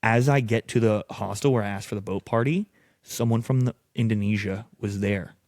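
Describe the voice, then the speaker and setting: A man's voice: fairly low pitch, normal speed, no room sound. A young American man in his twenties, a podcast guest telling casual, profane stories in a studio. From United States. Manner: casual, profane, animated storyteller. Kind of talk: casual storytelling.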